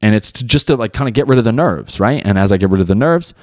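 A man's voice: on the low side, animated, quick pace, darkish tone, dry recording, studio quality. A young man hosting his own podcast in casual solo talk, loose and rambling, heavy on slang and swearing. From United States. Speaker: podcast host and beginner stand-up comic.

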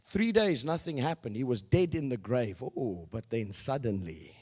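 A male pastor preaching a sermon, swinging from loud declarations to hushed asides and leading the congregation in call-and-response. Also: mid-range voice, expressive, normal speed, slightly rough.

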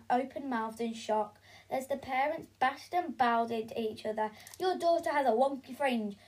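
Woman reading a kids' story aloud, high voice, slow, animated, sound effects, stumbles. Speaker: reader.

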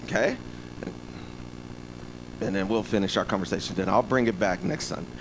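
A man's voice: on the low side, animated, moderate pace, background noise. A man preaching a sermon in a loose, conversational way, often checking in with "right?". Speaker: pastor.

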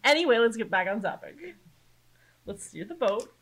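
A woman from Florida talks in a bright, fairly high voice that swings widely as she teases her co-hosts. Her casual podcast banter is full of jokes and loose swearing. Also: animated, moderate pace. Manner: joking, teasing, swears freely. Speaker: podcast co-host. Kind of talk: casual chat.

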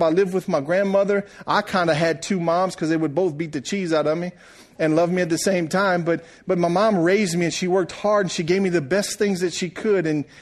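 A middle-aged man preaching a sermon, rising loud and then dropping to a hush. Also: sits high. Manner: preaching, swells loud then drops to hushed. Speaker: pastor.

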